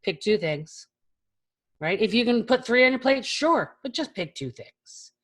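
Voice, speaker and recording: A woman's voice: a little high, expressive, unhurried. A woman in her forties giving a frank, chatty keynote talk over a video call. She swears casually as she speaks to an online audience.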